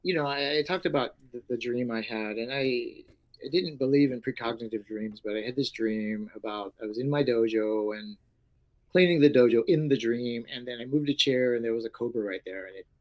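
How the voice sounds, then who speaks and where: A middle-aged man, an actor and karate instructor, telling stories in a casual interview, animated and acting out voices, with many fillers. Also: medium pitch, fairly quick, rough recording.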